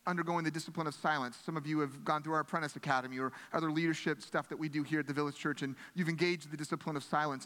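A male pastor delivers a sermon in an earnest, conversational voice, often circling back and restarting his phrases. His voice sits a little high for a man. The sound carries a long reverb, as in a large hall. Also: bright, forceful tone.

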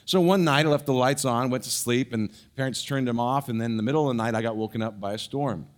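A personal story drives this sermon from a middle-aged pastor, told with animation and plenty of false starts and filler words. His voice is mid-range and his pace quick.

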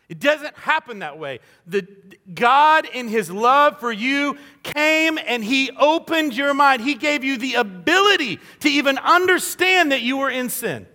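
A man's voice: very high-pitched, animated, a little slow, sharp tone, long reverb tail. A man preaching a sermon in an earnest, conversational way, acting out little quoted voices as he goes. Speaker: pastor.

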